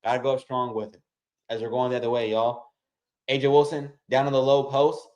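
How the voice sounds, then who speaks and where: A man's voice: medium pitch, fairly quick. A man hosting a casual watch-along, calling basketball play-by-play and talking straight to his viewers. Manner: excitable, keeps addressing viewers as y'all.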